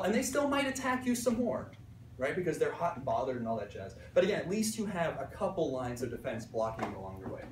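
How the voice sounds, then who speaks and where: Speaking fast in a voice on the high side, a Pittsburgh art teacher animatedly tells stories during a conference talk to teachers, acting out voices and often asking "right?" He's in a conference room, recorded from a distance in an echoey space with slight background noise.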